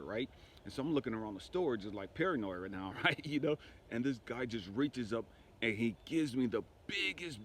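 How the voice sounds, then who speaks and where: A man's voice: fairly low pitch, a little hiss or hum. A grieving man telling a personal spiritual testimony in a conversational way, often asking "you know what I mean". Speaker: spiritual speaker.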